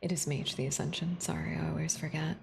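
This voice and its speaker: A young woman streamer chatting casually with her viewers, often dropping into a soft breathy whisper close to the mic. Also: low-pitched, fast, noisy background. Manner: chatty, bubbly, thanks chat, excitable gasps.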